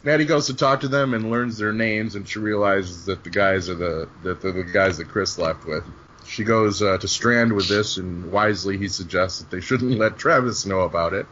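A man's voice: lowish voice, moderate pace, fairly bright tone. A man hosting a casual podcast recap, joking and swearing as he retells the plot. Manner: jokey, profane, laughs often. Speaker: podcast host. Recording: dull lo-fi audio with faint hiss.

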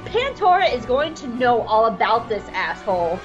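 A woman puts on a tough, sarcastic woman who taunts and threatens in a raised, mocking voice. Her pitch swings a lot as she needles her target. The audio is slightly dull. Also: big pitch swings, normal speed, faint music behind. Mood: taunting.

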